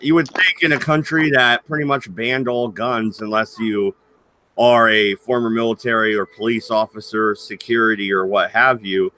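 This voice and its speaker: A man's voice: on the low side, steady tone, normal speed, sharp tone, a little hiss or hum. A man hosting a casual stream, joking and laughing often while he chats with his co-hosts. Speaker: stream host. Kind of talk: casual banter chat.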